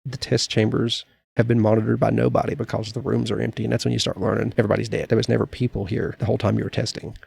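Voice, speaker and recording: A man's voice: on the low side, level tone, racing, creaky, darkish tone, breathy edge, no room sound. A man co-hosting a podcast, casually retelling things in a rambling way with fillers and restarts. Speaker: podcast co-host. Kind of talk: casual chat.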